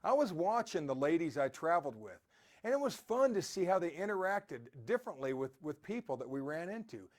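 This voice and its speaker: Male host, motivational talk; high voice, very lively intonation, rambling anecdotes. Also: brisk. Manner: animated, rambling storyteller.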